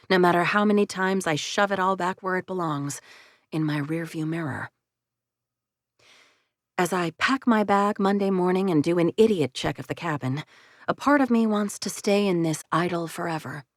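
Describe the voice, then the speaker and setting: A woman narrating a romance audiobook in the first person, in a reflective, even way. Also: lowish voice, no echo, clean studio sound.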